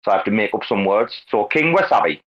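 A man hosting a crypto talk space, brash and excitable, swearing constantly in casual banter. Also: lowish voice, fast talker. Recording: lo-fi online call audio.

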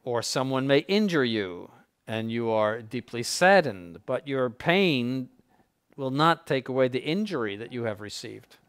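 A man of mid pitch delivers an informal lecture as a bishop teaching clergy. He talks in an earnest, conversational way, stressing his points and acting out quoted examples to make them land. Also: very animated, measured pace, fairly bright tone, smooth.

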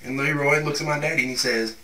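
A man's voice: a little high, fairly even intonation, quick pace, pushed and bright. A man playing a crude, rowdy working-class guy telling a profane, rambling tall tale in a comedic monologue. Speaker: storyteller. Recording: echoey room, far from mic.

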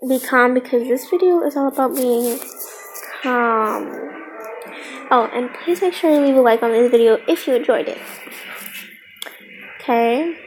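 High-voiced chatty woman, noisy recording. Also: measured pace, long pauses. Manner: chatty and rambling, giggles between remarks. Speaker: gaming YouTuber. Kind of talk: casual gameplay commentary. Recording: steady background noise.

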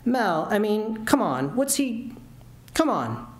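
A man's voice: high-pitched, big pitch swings, slow pace, pitched above the performer's own voice, exaggerated voice. A man reading as a whiny nervous man. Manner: whining. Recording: roomy lecture hall.

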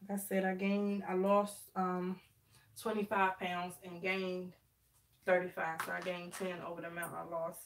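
A woman's voice: lowish voice, monotone, moderate pace, slight background noise. A woman in her thirties chatting casually with viewers on a live stream while doing her hair, talking to them as y'all. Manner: chatty, addresses viewers as y'all, dialect grammar. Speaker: livestream host. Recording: echoey room, mic at a distance.

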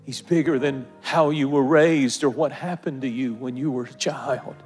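Emotional pastor preaching with soft music. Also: male voice, mid-range voice, steady tone, moderate pace. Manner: repetitive preaching cadence, building emphasis. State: emotional, near tears. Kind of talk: sermon. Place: large church auditorium, live congregation. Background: faint music.

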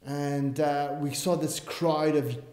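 Male pastor, slightly high voice, emphatic delivery with wry asides, recorded in a reverberant church. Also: steady tone, slow pace, darkish tone. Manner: emphatic, with self-aware asides. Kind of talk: sermon. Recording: roomy church echo.

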